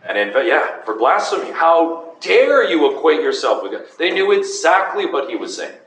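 A man's voice: a little high, very animated, moderate pace, a bit bright. Emphatic man teaching a Bible class. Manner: emphatic, asks the class questions. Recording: echoey room, far from mic, faint noise.

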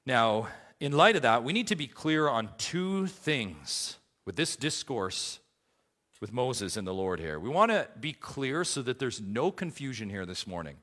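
A man preaching a sermon as pastor, emphatic, with big swings between soft low passages and loud high ones. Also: big pitch swings, unhurried. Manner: emphatic preaching with wide swings in pitch and loudness.

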